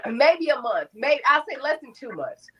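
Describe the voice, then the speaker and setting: Young woman spilling her story, kinda high voice, acts out every quote, cusses a lot. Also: a little slow, breathy edge, low-quality recording. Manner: animated, acts out quotes, swears freely. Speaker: guest telling her story. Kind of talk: candid storytelling interview.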